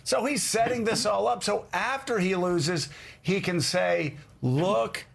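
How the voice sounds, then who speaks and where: Male political TV host, high husky voice, lively and incredulous. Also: a little slow. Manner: animated, incredulous, mocking. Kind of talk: political commentary.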